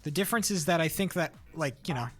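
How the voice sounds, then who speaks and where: A young man streaming a game live, talking to his chat in a casual, profane and excitable way. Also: a little high, fast talker, faint music behind. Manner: profane, excitable, talks to chat between bursts of laughter.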